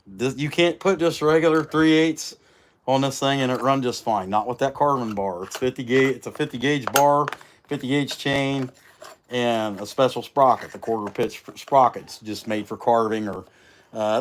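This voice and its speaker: A man chatting casually during a livestream as he works, his voice slightly rough from a recent illness, rambling and folksy. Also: mid-range voice, normal speed, noisy background. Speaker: chainsaw carver hosting a livestream. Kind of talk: casual livestream chat while working.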